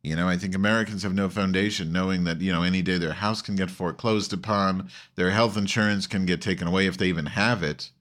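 A man's voice: low voice, fairly even intonation, quick pace, few pauses, a bit bright. A man hosting an online call-in show, rambling in a campy, profane, loose way with many restarts. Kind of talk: casual rambling monologue.

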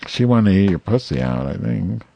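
A man making a prank phone call, talking in a sardonic, mumbling, deadpan way. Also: fairly low pitch, brisk, vocal fry. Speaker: prank caller.

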